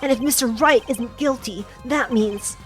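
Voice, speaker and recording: A woman voicing an earnest young male defense attorney in a loud shonen-hero style, reading a game aloud. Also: on the high side, moderate pace, soft background music, pitched above the performer's own voice, lightly acted. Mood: fired up.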